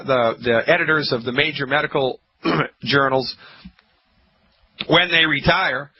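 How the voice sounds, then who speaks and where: A man hosting a call-in health radio show, lecturing emphatically and repeating his points, with a frog in his throat that makes him keep clearing it. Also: a little high. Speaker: radio talk show host. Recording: muffled radio broadcast with faint hiss.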